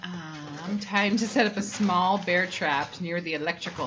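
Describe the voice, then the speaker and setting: A woman's voice: fairly low pitch, measured pace, few pauses, background noise. A woman in her thirties co-hosting a casual family livestream, chatty and rambling, reading viewer comments aloud between lots of ums. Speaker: livestream co-host reading chat. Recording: dull lo-fi stream audio.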